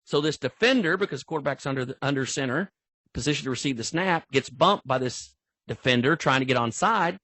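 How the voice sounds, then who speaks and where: An older man, speaking as a football official in a training talk. His husky voice rambles in a folksy way, with lots of restarts. The sound is close and dry. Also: medium pitch, expressive, a little fast, bright, forceful tone, no echo. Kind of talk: storytelling in an online training talk.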